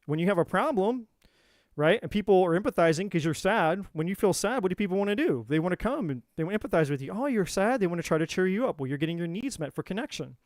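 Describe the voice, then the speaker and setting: A man hosting a live tarot stream, explaining relationship patterns in an animated, casual way and acting out quoted voices. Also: sits high, fast, no room sound, studio quality. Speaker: tarot reader and livestream host. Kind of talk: live-stream teaching talk.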